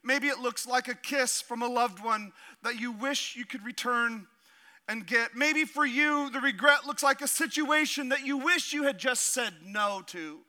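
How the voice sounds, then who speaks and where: Preaching a little slowly, a pastor with a notably high, bright and forceful voice reads from scripture and then breaks off into animated, funny remarks.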